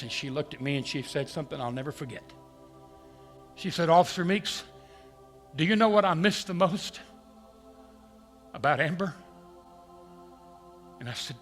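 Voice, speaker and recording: A man telling a personal story in a dramatic way, moving between hushed lines and loud ones. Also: a little high, animated, normal speed, pauses often, soft background music. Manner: dramatic, swings from hushed to shouting. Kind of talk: storytelling talk.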